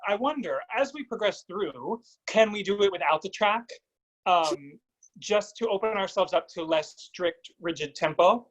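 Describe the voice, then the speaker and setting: A man's voice: high voice, animated, moderate pace, fairly bright tone, rough recording. Man coaching singing over video call. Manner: coaching, sings short phrases to demonstrate. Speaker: vocal coach.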